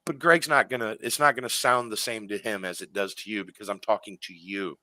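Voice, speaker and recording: Male guest, low and bright voice, rambling story, close dry mic. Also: fairly quick, dry recording. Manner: animated, lots of fillers and restarts. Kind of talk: casual storytelling on a radio show.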